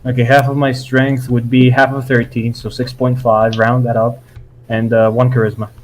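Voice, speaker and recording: A man's voice: medium pitch, level tone, moderate pace, slight background noise, low-quality recording. A man playing a tabletop game, stern and commanding when he speaks as his character. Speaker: player.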